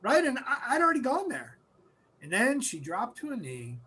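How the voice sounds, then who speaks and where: A middle-aged man from central Massachusetts, a guest telling a personal story in an animated way and often clearing his throat. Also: extremely high pitch, moderate pace.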